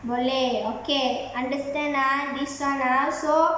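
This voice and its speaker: A woman's voice: sits high, fairly even intonation, slow, a bit bright, slight background noise. A woman schoolteacher, explaining a lesson patiently and repeating herself to coax young pupils. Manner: patient, repetitive, coaxing. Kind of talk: classroom lesson mixing Malay and English. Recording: very echoey room.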